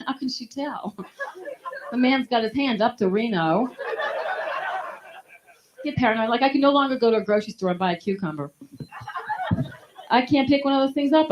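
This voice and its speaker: A woman's voice: fairly high pitch, slight background noise. A woman doing a stand-up comedy set, punchy and laughing at her own jokes. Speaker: stand-up comic. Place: live comedy stage. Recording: dull lo-fi live recording.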